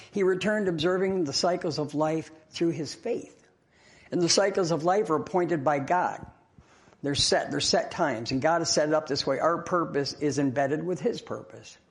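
A man preaching a sermon in a church, telling a joke story and chatting with the congregation. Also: a little high. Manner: conversational, laughing with the congregation. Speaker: pastor.

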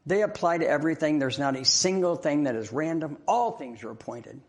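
A man preaching in a church in a loose, conversational way. He laughs along with the congregation and tells a joke story. His voice sits a little high. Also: lively intonation, brisk. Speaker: pastor.

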